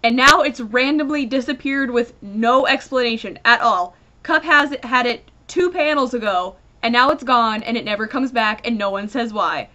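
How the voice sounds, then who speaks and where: A woman giving a casual, rambling review of a comic, animated and full of fillers. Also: fairly high pitch, moderate pace, few pauses, dull audio.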